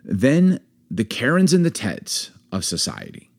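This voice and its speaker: Gravelly and a little slow, this man's mid-range voice makes huge swings in pitch. He's a forties-aged podcast co-host in a candid conversation, arguing emphatically and with rising passion until he reaches anger.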